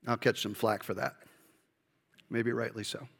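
A man preaching a sermon with passion, rising to loud emphasis and dropping to soft, low asides. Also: little pitch movement, unhurried, vocal fry. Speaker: pastor. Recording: hall reverb.

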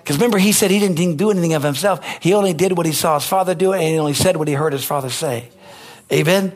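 A man's voice: on the high side, fast. A man preaching a sermon as pastor, emphatic and calling out to his congregation for responses.

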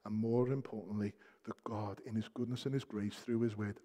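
A man preaching a sermon as pastor, shifting between soft, hushed passages and loud, emphatic peaks, repeating key phrases for weight. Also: lowish voice, steady tone, normal speed, few pauses. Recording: long hall reverb.

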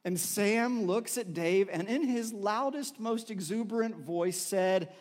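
A man's voice: sits high, unhurried, in a large hall. A man preaching a sermon in a conversational, storytelling way, with filler words and restarts. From Texas. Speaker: pastor.

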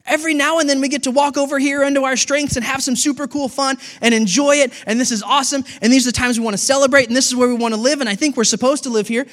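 A middle-aged man preaching a sermon as a pastor, animated and acting out little dialogues with God. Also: very high-pitched, fast, few pauses, long reverb tail.

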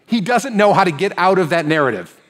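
A man delivering a conversational sermon in a high, bright-toned voice. He drops to quiet, low moments, then lifts into animated stretches. The sound carries a long reverb from a church sanctuary. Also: a little fast. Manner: conversational preaching, swings from hushed to animated. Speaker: pastor.

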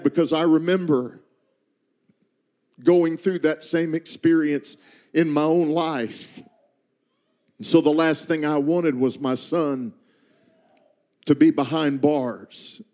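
A man's voice: mid-range voice, dark tone. A middle-aged man, a traveling preacher, telling a personal story in a sermon and swelling into impassioned prayer before a congregation. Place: church stage before a congregation.

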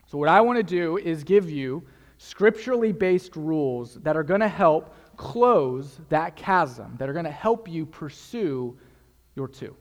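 A man's voice: a little high, lively intonation, unhurried, long reverb tail. A young man preaching a sermon as a pastor, earnest and emphatic, repeating key phrases for effect.

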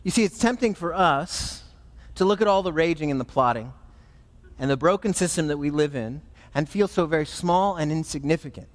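A man, a pastor, preaching a sermon in an animated, emphatic way. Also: a little high, a little fast, big-room sound.

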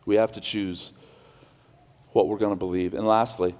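A man preaching a sermon in a church, swinging between loud declarations and hushed, quiet passages, with conversational restarts and asides. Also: lowish voice, level tone, normal speed, long reverb tail. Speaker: pastor. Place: church sanctuary.

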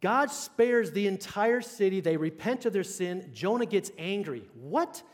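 A man's voice: high-pitched, animated, unhurried. A man preaching a sermon to his congregation in a chatty, conversational way, often asking whether they are following along. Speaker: pastor. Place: church sanctuary. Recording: long hall reverb.

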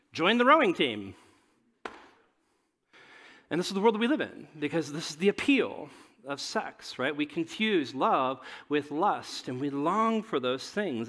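A man with a slightly high voice preaches to a congregation, keeping his sermon conversational with frequent questions to the room. He swings from emphatic declarations to hushed asides. The sound trails off in a long hall reverb. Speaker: pastor.

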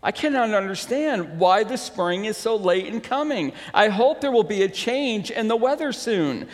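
A man voicing a gruff, selfish giant who yells at children, speaking in a storybook reading. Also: high-pitched, animated, normal speed, big-room sound, voice pushed up. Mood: puzzled. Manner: yelling, harsh.

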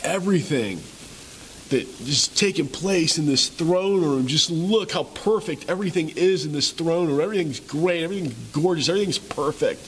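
A man's voice: fairly high pitch, animated, normal speed, a little hiss or hum, poor audio. A man preaching a sermon, retelling a scene dramatically with repeated rhetorical questions. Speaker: pastor.

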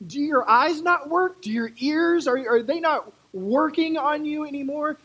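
A preacher voicing an exasperated, impatient male teacher in a sermon retelling, somewhat higher and louder than the usual voice. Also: a little slow, rough recording.

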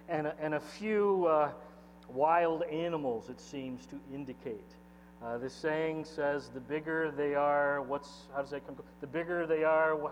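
A man preaching a sermon as pastor, opening with a prayer and building to loud, impassioned peaks. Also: fairly high pitch. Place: church sanctuary. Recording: faint mains hum, long church reverb.

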